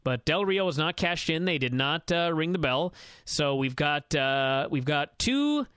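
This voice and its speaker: A man recapping a wrestling match on a radio show, telling it in a quick, excited run with many fillers. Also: on the high side, smooth, no room sound. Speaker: wrestling analyst.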